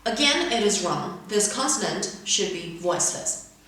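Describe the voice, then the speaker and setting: A woman's voice: mid-range voice, sing-song, a bit bright. A woman teaching English pronunciation, carefully modeling words one by one in a lesson. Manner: careful, deliberate word-by-word modeling. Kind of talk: instructional lesson with read-aloud examples. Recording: very echoey room, mic far away.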